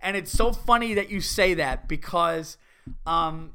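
A middle-aged man hosting a casual comedy podcast, ranting profanely and excitably as he reads listener emails. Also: a little high, unhurried, smooth. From Italian-American heritage.

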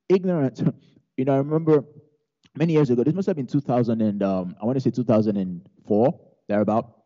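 A man's voice: mid-range voice, brisk, dark tone, dull audio. A male pastor delivering a sermon, hammering key phrases through repetition and weaving in humorous personal stories.

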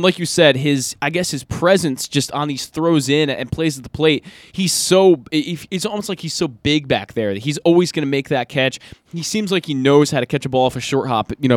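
A man's voice: medium pitch, no echo. Male sports radio co-host, agreeable and casual, dry close studio mic. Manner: agreeable, quick to back up his co-host.

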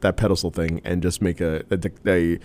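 A man co-hosting a casual wrestling chat, rambling with halting restarts and frequent laughter. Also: low voice, flat delivery, a little mellow.

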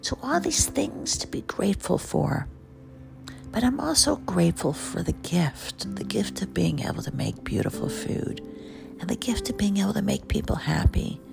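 A podcast host at home in the early morning, speaking in an excitable, jazzed-up monologue with hushed asides. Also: mid-range voice, normal speed, gravelly, music in the background. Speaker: podcast host and memoir author. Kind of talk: personal gratitude monologue.

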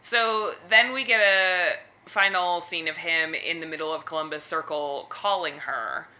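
Woman podcast cohost, chatty recap, bright voice, a bit low. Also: a little slow. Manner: chatty, lively storytelling. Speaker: podcast co-host. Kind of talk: casual recap chat.

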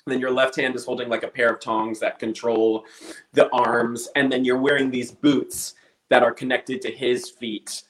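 Guy telling a story in casual chat, animated, does little voices for people. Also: medium pitch, normal speed, low-quality recording. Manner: animated storyteller acting out quotes.

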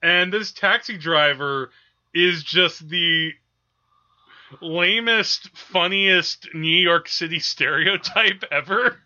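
A man's voice: high-pitched, slow, sharp tone, highs cut off. A man co-hosting a podcast, chatting casually about films with frequent laughs and hesitant fillers. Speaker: podcast co-host.

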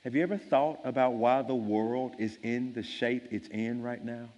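A man's voice: medium pitch, steady tone, normal speed, darkish tone, long reverb tail. A man preaching a sermon as a pastor, telling a story in an earnest, emphatic way.

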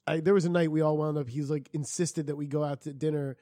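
A man's voice: a little high, fairly even intonation, warm tone, no room sound, clean studio sound. A man telling rambling stories in a casual chat, swearing as he goes. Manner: fast rambling storyteller, swears.

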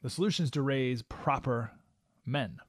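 A man's voice: mid-range voice, moderate pace, dry recording, clean studio sound. A male radio talk show host delivering an emphatic, preachy opinion monologue. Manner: animated, emphatic, preachy with acted-out quotes.

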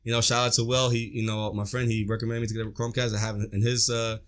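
Casual podcast chat from a young man who talks fast and tells his stories with lively slang and the odd curse. His voice sits at an ordinary middle pitch for a man. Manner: animated storytelling with slang and cursing. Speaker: podcast co-host.

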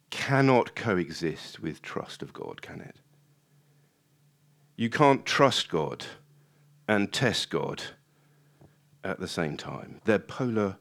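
Lively-voiced male preacher. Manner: animated, rising high when acting out prayers; conversational with restarts and asides. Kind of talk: sermon.

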